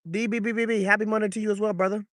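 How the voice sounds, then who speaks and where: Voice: medium pitch, flat delivery, very fast, a bit bright, dry recording. Loose, cussing night-fishing vlogger. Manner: loose, profane, talks to chat and to the fish. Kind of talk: casual live-stream chat while fishing. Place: outdoors by the water at night.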